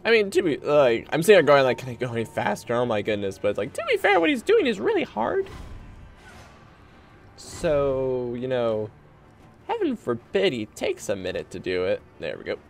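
A man streaming a video game, casually commenting and coaching himself through fights in excitable bursts and mutters. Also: mid-range voice, normal speed, faint music behind.

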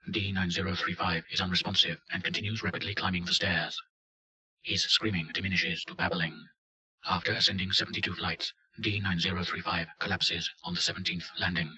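A man giving a scripted narration of a report in a flat, matter-of-fact delivery. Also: low-pitched, brisk, low-quality recording. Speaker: reader.

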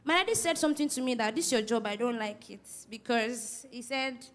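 Woman, 20s, church testimony, earnest and halting, high pitched. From Nigeria. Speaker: church member giving testimony. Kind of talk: personal testimony at church service.

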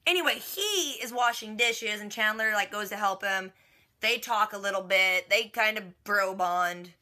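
In no hurry, a young woman with a mid-range, pushed and bright voice goes over a TV episode for her reaction vlog. She talks in a chatty, slangy manner and fills it with "like."

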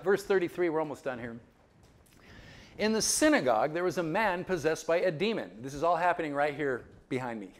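A man giving a Bible lecture in an animated way, often checking in with listeners and chuckling in asides. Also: on the high side. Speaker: Bible teacher.

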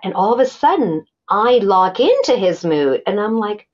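A woman telling a personal story in an interview, animated and acting out the voices she quotes. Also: medium pitch, moderate pace, hardly any pauses. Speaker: guest. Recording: dull lo-fi sound.

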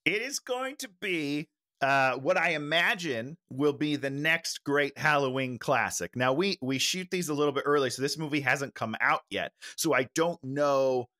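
A man's voice: mid-range voice, normal speed, hardly any pauses, bright, forceful tone. A man co-hosting a casual podcast chat, enthusiastic and agreeable. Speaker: podcast co-host.

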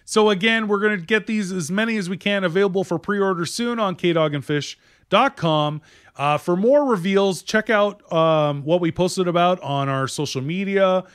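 A man's voice: high voice, normal speed, fairly bright tone, clean tone. A man co-hosting a casual toy show, upbeat and chatty as he plugs pre-orders. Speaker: co-host. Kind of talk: casual chat.

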